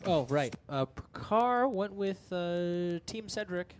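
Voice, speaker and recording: Slow-talking male co-host. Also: high voice, animated, faint music behind. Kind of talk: casual chat.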